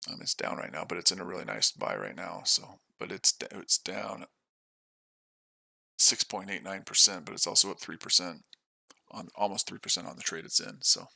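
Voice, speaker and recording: A man's voice: low voice, animated, normal speed, gravelly, pushed and bright, no room sound. A tired man hosting a live trading stream, talking through his trades in a matter-of-fact, casual way. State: tired from no sleep. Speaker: day trader and stream host.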